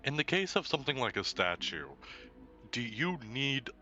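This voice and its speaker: A man's voice: medium pitch, very animated, normal speed, bright, forceful tone, lo-fi sound, soft background music. A man playing a tabletop game, asking rule questions tentatively. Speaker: player. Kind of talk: casual game chat.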